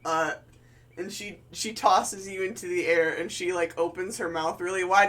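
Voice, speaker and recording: A game master narrating a tabletop game in an animated, laughing way. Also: medium pitch, normal speed.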